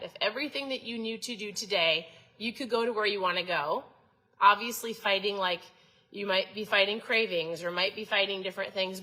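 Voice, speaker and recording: A woman's voice: medium pitch, pushed and bright, poor audio. A woman in her thirties hosting a casual motivational talk, chatty and coaching, often asking her viewers questions. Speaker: host.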